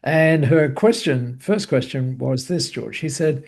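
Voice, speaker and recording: A man who is a guest, telling a story in a lively conversational way, laughing often and using many fillers. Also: medium pitch, moderate pace, vocal fry, few pauses, slightly rough. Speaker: guest, business co-founder. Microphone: call.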